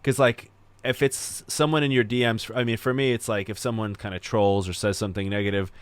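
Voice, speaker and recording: A man's voice: on the low side, steady tone, fairly quick, smooth, no echo. A man hosting a podcast, talking in an earnest, reflective way and repeating words for emphasis. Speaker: podcast host. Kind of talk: casual podcast conversation.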